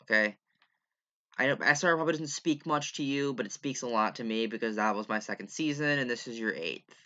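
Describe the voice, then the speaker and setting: A man's voice: mid-range voice, lively intonation, brisk, pushed and bright, highs cut off. A young man giving a rambling, profane, exasperated casual rant over gameplay as a gaming YouTuber.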